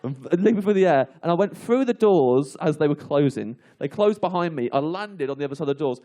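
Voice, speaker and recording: A male comedian telling an animated anecdote to a live audience on a comedy panel show, laughing through it. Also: fairly high pitch, a little fast. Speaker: comedian guest.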